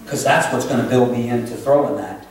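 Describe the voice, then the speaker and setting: Impassioned preacher, echoey church. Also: male voice, medium pitch, fast talker, slight background noise. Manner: impassioned, swinging between loud pleas and hushed confessions. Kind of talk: emotional sermon. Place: church sanctuary. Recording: echoey church from a distant mic.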